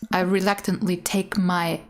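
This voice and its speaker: Young woman streamer with whispered asides. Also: fairly low pitch. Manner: slips into whispered asides and squealing laughs. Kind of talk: casual let's-play, reading game text aloud.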